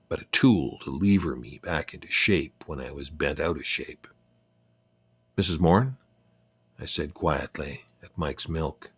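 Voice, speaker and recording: Older guy reading his own memoir, super deep husky voice, dry close sound, wry and thoughtful. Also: a bit bright, no echo. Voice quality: reflective, unhurried, wry. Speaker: storyteller. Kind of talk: reflective memoir narration.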